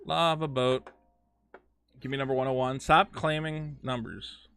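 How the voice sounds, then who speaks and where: On a live stream, a man plays a game and chats casually with his viewers. He's excitable, stammers through restarts, and swears a lot, speaking at a medium pitch and moderate pace in a smooth voice.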